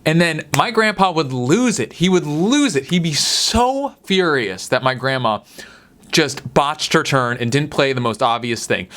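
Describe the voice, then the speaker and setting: A man's voice: fairly high pitch, big pitch swings, a little slow, fairly bright tone. A young man talks loosely and frankly into his podcast mic. His nose is stuffed up from a cold, which gives his voice a nasal edge. He drifts from one thought to the next and swears now and then. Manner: rambling, candid, swears casually. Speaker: podcast host. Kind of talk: casual solo monologue.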